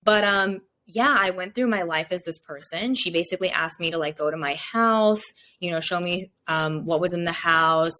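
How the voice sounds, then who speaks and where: A young woman speaks in a slightly low register, chatting loosely as a podcast guest. She retells her experience in animated bursts and leans on "like" constantly. Her delivery is casual storytelling, not scripted. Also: moderate pace, few pauses, slight background noise. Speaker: mindset coach, podcast guest.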